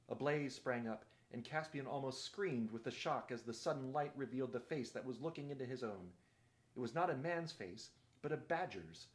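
A man reads a novel aloud in a steady, measured narrating voice that sits in the mid-range.

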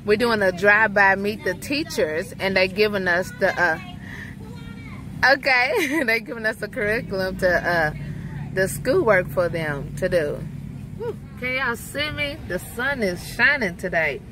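A woman's voice: mid-range voice, animated, unhurried, background noise. A woman, a mother, chatting casually to her viewers in a vlog. She laughs often and talks straight to the camera about her day. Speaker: vlogger, mother. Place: outdoors and in a car, sunny day.

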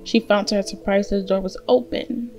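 Gentle woman reading a fairy tale. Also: medium pitch, fairly even intonation, brisk, creaky, soft background music. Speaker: storyteller. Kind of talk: fairy tale read aloud.

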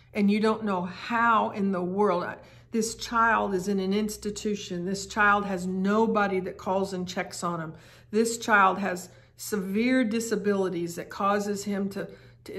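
Slow, earnest woman teaching Bible study. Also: medium pitch. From United States. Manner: earnest, emphatic, repeats phrases.

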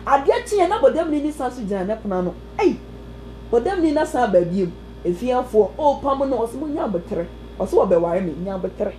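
Animated woman preaching. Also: on the high side, brisk, slight background noise, poor audio. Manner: animated, exclaiming, breaks into song. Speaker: prophetess preacher. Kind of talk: sermon testimony mixing Twi and English.

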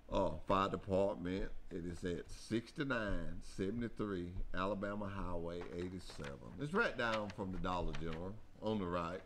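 A man hosting a local radio talk show, folksy and excitable, often repeating himself. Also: on the low side, a little hiss or hum.

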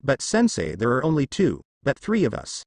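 A man voicing a spirited, caring teenage ninja girl in a fan fiction reading, lifting his pitch for her. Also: huge pitch swings, normal speed, creaky, darkish tone, dry recording, studio quality, exaggerated voice. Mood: puzzled.

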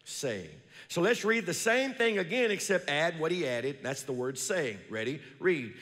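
A fairly high-voiced man preaching to his congregation in a church with a long ringing reverb. He stretches scripture out slowly, then drops into low, quiet asides and calls for the people to read along with him. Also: expressive. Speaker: pastor. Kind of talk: sermon. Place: church sanctuary.

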